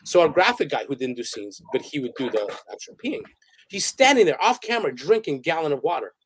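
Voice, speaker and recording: Guy with a pretty high voice, rambling and swearing through his stories on a podcast. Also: very animated, brisk, breathy edge. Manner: rambling, profane, laughs while telling stories. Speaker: interview guest, photographer and director. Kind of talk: casual storytelling interview.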